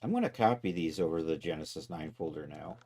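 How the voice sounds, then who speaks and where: A man livestreaming his 3D art work in a casual, chatty way, talking to viewers and to his software as he goes and chuckling often. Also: extremely low pitch, expressive, fast. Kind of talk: casual live-stream commentary.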